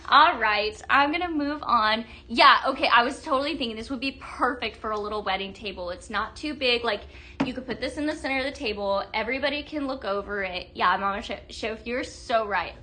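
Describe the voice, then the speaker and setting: This woman runs a live product stream with bubbly, gushing chatter, lots of fillers, and comments from viewers read aloud and answered. She talks a little fast, with a fairly high pitch and a sharp tone.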